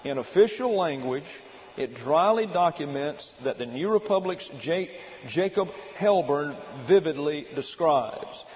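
A man preaching a sermon, teaching in a deliberate, emphatic way and reading out excerpts. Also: a little high, animated, in a large hall. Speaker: pastor. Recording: dull lo-fi recording with faint hiss.

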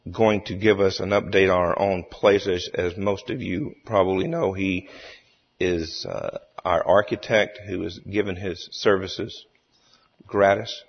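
A man chairing a church meeting, speaking haltingly with many fillers and restarts. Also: sits low, steady tone, gravelly, slightly rough. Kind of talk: formal meeting chairing with a joke. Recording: echoey hall, dull lo-fi sound.

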